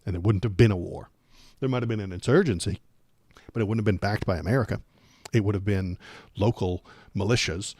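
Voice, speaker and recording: A man's voice: on the low side, a little mellow, dry recording, studio quality. A man hosting a political livestream, talking casually with a sarcastic, rambling, jokey manner.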